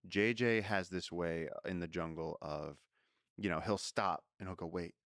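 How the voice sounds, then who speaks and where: A man who is a guest in an interview, telling animated jungle stories and acting out the voices of people and animals. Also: sits low, normal speed, no room sound, studio quality. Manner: animated storyteller who acts out voices in quotes. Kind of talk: storytelling in a casual interview.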